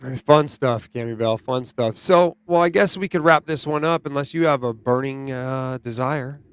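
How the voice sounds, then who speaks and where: The voice is a man hosting a podcast in a relaxed, chatty style, animated as he tells his stories. He often tosses in "right?" and "dude". His mid-pitched voice is recorded dry, close to the mic. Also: moderate pace, clean tone, no echo. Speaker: podcast host. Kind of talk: casual chat.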